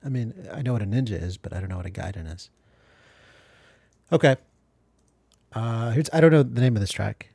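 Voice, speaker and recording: A man's voice: mid-range voice, a little fast, vocal fry, long pauses, dark tone, husky, dry recording. A man co-hosting a casual podcast, laid-back and joking as he introduces tracks. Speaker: podcast co-host. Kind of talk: casual chat.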